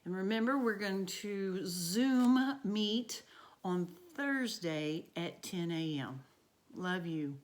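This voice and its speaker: A woman's voice: mid-range voice, animated, slow. A woman teacher, walking students through a grammar lesson by asking and answering her own questions. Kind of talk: recorded remote grammar lesson.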